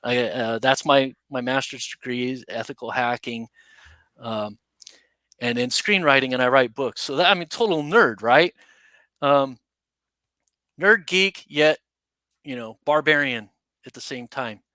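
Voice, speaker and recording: A man guesting on a podcast, telling a story casually in a rambling, animated way full of asides. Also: mid-range voice, measured pace, pauses often, no echo. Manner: animated, rambling, with many "you know" and "right?" asides.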